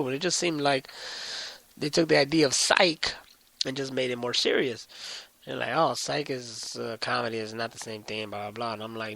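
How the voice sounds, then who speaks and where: A young man hosting his own podcast, telling a story as a profane, animated solo rant. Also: mid-range voice, brisk, gravelly, no echo. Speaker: podcast host.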